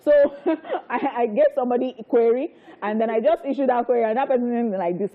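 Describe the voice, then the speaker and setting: A woman's voice: on the high side, fairly quick, hardly any pauses. A woman with a Nigerian accent co-hosting a TV entertainment show, leading segments and bantering expressively with her co-hosts. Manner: expressive, animated, laughs often. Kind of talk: studio banter and show links. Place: TV studio. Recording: muffled studio sound with chatter behind.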